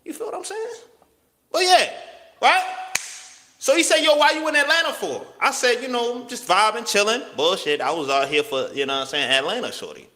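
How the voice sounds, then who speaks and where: At normal speed and with a big-room sound, a man delivers a lively, slangy story. His voice swings broadly as he acts out what people said.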